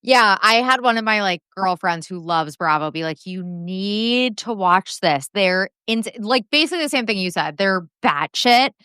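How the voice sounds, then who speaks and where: A woman in a casual podcast chat who sounds relaxed and agreeable. Her voice is bright and sharp, with a clean, crisp tone. The recording is dry and close. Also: mid-range voice, normal speed, few pauses, no echo.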